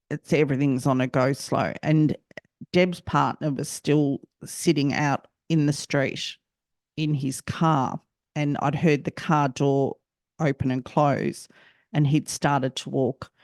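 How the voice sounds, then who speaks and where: An Australian woman hosting a personal storytelling podcast, speaking reflectively and haltingly and often repeating herself. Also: a bass voice, steady tone, a little mellow, no room sound, studio quality. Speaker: podcast host.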